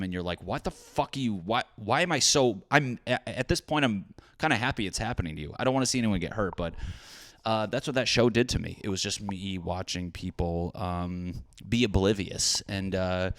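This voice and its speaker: A man in his thirties hosting a solo comedy podcast from his hot apartment, animated and swearing with jokey asides. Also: deep voice, clean tone, no echo, studio quality. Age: 30s. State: sweating in a hot room. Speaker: podcast host. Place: small apartment with windows shut.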